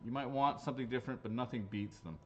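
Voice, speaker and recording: A raffle host runs live-stream draws, chatting casually, joking, and swearing freely. He talks fast in a mid-range voice, and the audio sounds dull.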